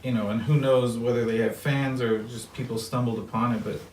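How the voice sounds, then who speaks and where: A man's voice: medium pitch, brisk. Rambling man in a roomy space. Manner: relaxed, rambling, lots of fillers. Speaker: podcast host. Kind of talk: casual chat. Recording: roomy, distant mic, noisy.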